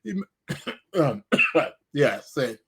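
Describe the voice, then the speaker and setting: A man's voice: mid-range voice, big pitch swings, drawn-out words, breathy edge. A man hosting a live astrology podcast, chatting casually with many fillers and restarts while eating. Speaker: podcast host. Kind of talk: casual live-stream chat.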